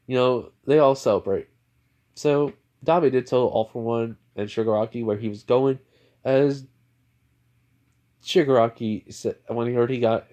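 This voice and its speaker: A man's voice: medium pitch, a little mellow. Young man rambling through a fan story. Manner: rambling, filler-heavy. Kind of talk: improvised fan fiction narration.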